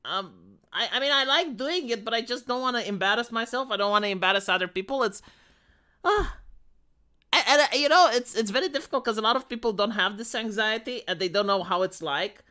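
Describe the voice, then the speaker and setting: A man's voice: very high voice, animated, a little fast, pushed and bright. A young man chatting bluntly with his live-stream chat, swearing often as he answers comments.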